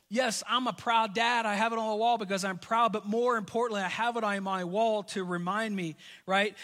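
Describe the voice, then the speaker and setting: A middle-aged male pastor delivers a sermon in a high, bright, forceful voice. He is earnest and animated, stumbling and repeating words as he tells personal stories. The sound carries a long reverb, as in a large hall.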